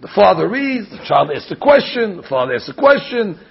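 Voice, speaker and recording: A man giving an animated sermon as a rabbi, telling stories and acting out the quotes. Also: high voice, brisk, creaky, husky, lo-fi sound. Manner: animated storytelling, acts out quotes.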